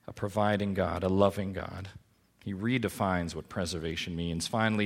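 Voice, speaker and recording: A man's voice: lowish voice, a bit bright. A male pastor preaching a Sunday sermon in church, emphatic and full of rhetorical questions. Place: church service.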